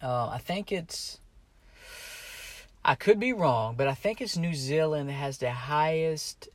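A man's voice: fairly high pitch, animated, unhurried, dry recording. A man from Maryland talking casually to camera while driving his car, meandering and correcting himself as he goes. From Maryland, USA. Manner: chatty, meandering, self-correcting, apologizes for cussing. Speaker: vlogger. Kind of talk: casual rambling monologue.

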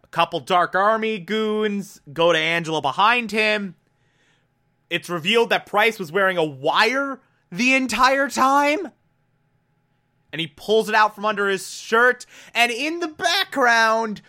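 Excitable high-voiced man recapping TV. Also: unhurried. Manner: excitable, emphatic, bursts into loud exclamations. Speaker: TV episode recapper. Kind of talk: casual episode recap.

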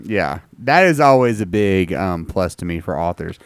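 Animated male host, smooth resonant voice, playful teasing. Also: low-pitched, normal speed, no room sound. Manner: animated, teasing, asks questions. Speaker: podcast host. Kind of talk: casual chat.

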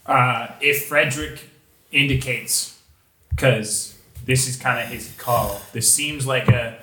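A man's voice: medium pitch, steady tone, slow pace, sharp tone. A man playing in a tabletop game, talking in an easygoing way and laughing often. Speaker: player. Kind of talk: casual tabletop play. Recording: echoey room with faint noise.

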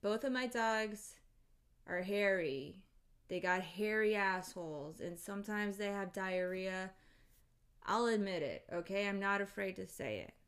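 A woman's voice: medium pitch, unhurried, a bit bright, clear, resonant tone. Woman vlogger, comic rant to camera, profane, exasperated, punchy emphasis. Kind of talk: ranting to camera.

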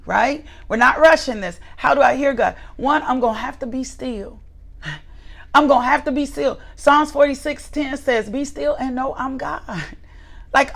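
Woman preacher, sermon delivery, gravelly fry, slightly high pitch, emphatic repetition. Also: fairly bright tone. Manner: emphatic, repeats key phrases, asks "right?" often.

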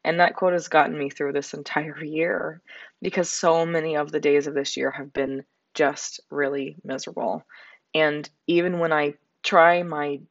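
A hoarse young woman with a raspy edge talks earnestly into her podcast mic, rambling and filling gaps with likes. The sound is dry and close, with a slightly dull, lo-fi tone. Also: low voice, steady tone, moderate pace, no room sound. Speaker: podcast host. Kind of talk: reflective solo podcast talk.

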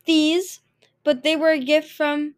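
A woman's voice: fairly high pitch, moderate pace, warm tone, natural voice. Woman doing a frantic, tearful young dragon girl. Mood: hurt. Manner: pleading, tearful. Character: desperate young female sand dragon on the run.

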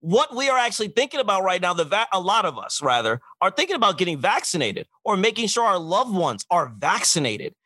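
A man's voice: sits high, sing-song, a little fast, few pauses, sharp tone, no room sound. A man co-hosting a casual podcast, ranting emphatically with profanity and acting out quotes. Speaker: podcast co-host. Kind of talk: casual comedic podcast rant.

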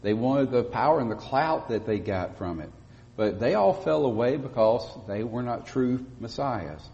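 A man preaching a sermon as pastor, speaking emphatically and rising to loud stresses on key words. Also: medium pitch, expressive, moderate pace, creaky. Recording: dull lo-fi audio with long church reverb.

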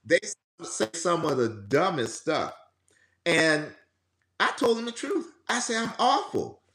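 A man's voice: on the high side, slow pace, echoey room. A man telling stories in casual conversation, acting out the people he quotes. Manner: animated storyteller who acts out quoted people. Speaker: guest on grief.

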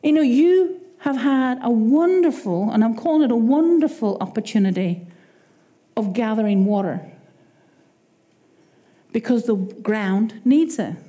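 A woman with an Irish accent delivers a sermon in a lively, conversational style, acting out small quoted exchanges. Her voice sits a little high and she speaks a bit slowly.

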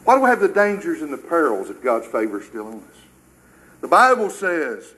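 A man's voice: fairly high pitch, sing-song, a little fast, fairly bright tone, low-quality recording. An older American man preaching a sermon with emphatic rhetorical questions, his delivery surging and dropping.

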